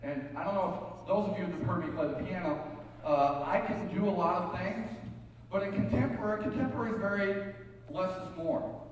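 A man's voice: high voice, a little fast. Pastor guy telling stories in his sermon, big echo from the hall, faint room hum. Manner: folksy storytelling, joking asides. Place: church sanctuary. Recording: echoey hall from far off.

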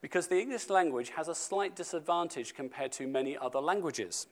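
A man preaching a sermon to his church, stressing key words and slowing down for scripture. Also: fairly high pitch. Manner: emphatic, slows down for scripture, speeds up for asides.

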